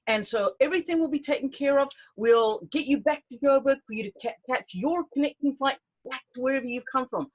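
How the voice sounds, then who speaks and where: A middle-aged woman hosting, chatting enthusiastically and informally about an upcoming tour, with many fillers and restarts. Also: a little high. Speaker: tour host. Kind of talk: casual promotional talk to camera.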